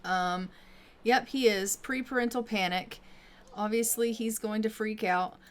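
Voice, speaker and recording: A woman giving casual commentary over a life-simulation game, chatty, with frequent ums, often talking to her characters and voicing their lines. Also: medium pitch. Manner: frequent ums and drawn-out phrasing. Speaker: gameplay commentator.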